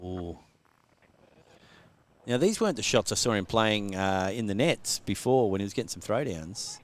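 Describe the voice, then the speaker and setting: A man's voice: lowish voice, lively intonation, normal speed. A man with an Australian accent doing casual live cricket commentary, joking and laughing often.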